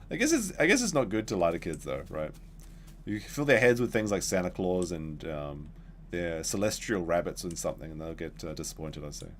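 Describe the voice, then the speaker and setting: A man talks to his chat while streaming a dinosaur game, rambling casually as he plays. His voice sits low but takes big pitch swings, delivered at normal speed, with a little hiss or hum in the audio.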